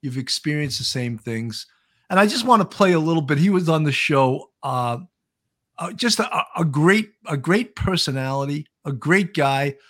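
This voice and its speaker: A man's voice: on the high side, animated, moderate pace, a bit bright. A man hosting a talk show, speaking earnestly in a conversational way. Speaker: host, retired police officer. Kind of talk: casual chat.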